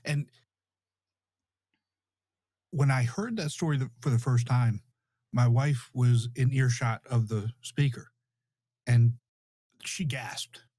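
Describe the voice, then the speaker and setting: Mellow reflective male podcast host. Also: medium pitch, no echo. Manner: reflective, halting, many restarts. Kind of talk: conversational interview.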